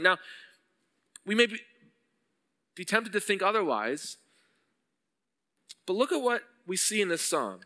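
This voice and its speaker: Bright-voiced preacher man, echoing hall. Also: high voice, big pitch swings, measured pace, long pauses. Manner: earnest, builds to pleading intensity when voicing psalm verses. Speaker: pastor. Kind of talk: sermon.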